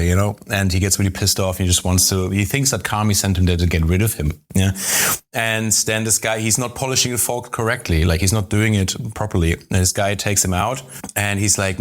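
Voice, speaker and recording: A man's voice: on the low side, steady tone, fairly quick. A man co-hosting a food podcast, chatting casually, swearing freely and retelling scenes. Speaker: podcast co-host. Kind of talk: casual chat.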